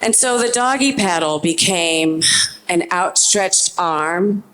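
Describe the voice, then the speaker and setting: A middle-aged woman telling a personal story on stage into a handheld microphone, vivid and earnest, slowing into tense pauses. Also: fairly low pitch, animated, a bit bright.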